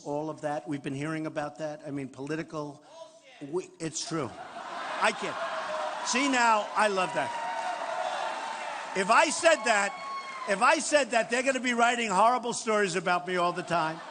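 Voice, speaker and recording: A man's voice: high voice, normal speed. An older man with a New York accent giving a rambling, boastful campaign speech to a large crowd in a hall. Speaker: political candidate at a rally. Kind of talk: rally speech. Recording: roomy hall reverb, faint crowd noise.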